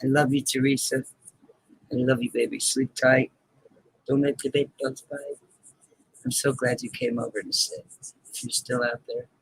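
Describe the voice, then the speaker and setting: A man's voice: medium pitch, steady tone, moderate pace, pauses often, husky, no echo, poor audio. A man hosting a casual live stream, chatting playfully with viewers, greeting them by name and laughing often.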